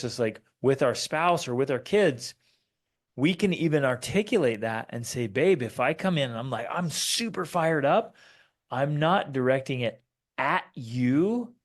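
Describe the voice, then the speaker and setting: A middle-aged man co-hosting a family podcast, teaching in a casual way and acting out quotes in raised voices. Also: medium pitch. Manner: animated storytelling, acts out quotes in raised voices. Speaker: podcast co-host.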